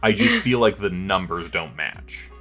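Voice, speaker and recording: Male podcast host, bright tone, playful questioner, faint music behind. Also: low-pitched, lively intonation, measured pace. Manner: asks questions and jokes. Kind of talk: casual chat.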